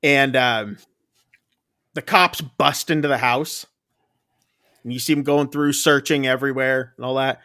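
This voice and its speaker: A man's voice: medium pitch, steady tone, measured pace, pauses often, bright, forceful tone, smooth. A man co-hosting a casual movie review, retelling the plot loosely with many fillers. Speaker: podcast co-host.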